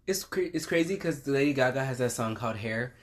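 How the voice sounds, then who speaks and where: A man's voice: medium pitch, expressive, fairly quick. A man, co-hosting a podcast in opinionated casual chat, swearing freely. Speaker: podcast co-host.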